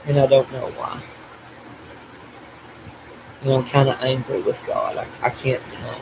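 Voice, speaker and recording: In a tearful video diary, an older male vlogger speaks through his grief, blaming himself, halting and restarting and breaking off as he cries. His medium-pitched voice barely moves in pitch, and background noise is audible.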